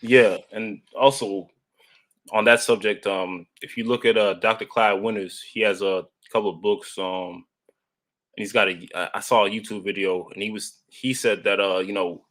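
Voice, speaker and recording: A man joining a livestream chat, talking hesitantly with many pauses and restarts. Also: on the low side, steady tone, fairly bright tone. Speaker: livestream guest. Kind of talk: casual chat.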